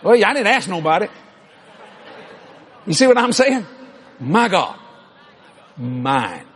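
Preacher guy, real high husky voice, hollers and laughs through his sermon. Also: takes it slowly, some chatter behind. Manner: shouting, boastful, animated preaching with laughs.

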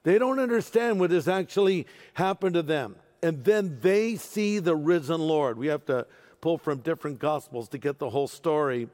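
A man preaching a sermon as pastor, animated and playful with humorous asides. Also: on the high side, normal speed. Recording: long reverb of a large hall.

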